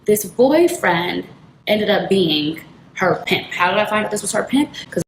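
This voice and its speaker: A woman's voice: medium pitch, lively intonation, a little slow. A young woman with speech telling a personal story casually and vividly, acting out the people she quotes. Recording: echoey room with loud noise.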